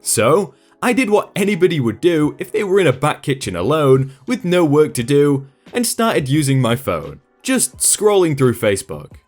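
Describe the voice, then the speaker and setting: A man's voice: on the high side, sing-song, normal speed, few pauses, faint music behind. Sarcastic male storytime narrator. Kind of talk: reading a story aloud.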